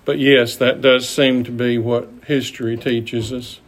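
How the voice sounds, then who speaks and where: A man teaching a Bible study class, speaking deliberately with pauses and fillers. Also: medium pitch, level tone.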